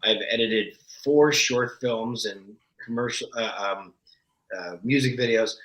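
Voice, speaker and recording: Actor guy chatting, animated and frank, pokes fun at himself, roomy echo. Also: medium pitch, unhurried. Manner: animated, candid, self-deprecating. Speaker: guest actor. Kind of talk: casual interview storytelling. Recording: echoey room.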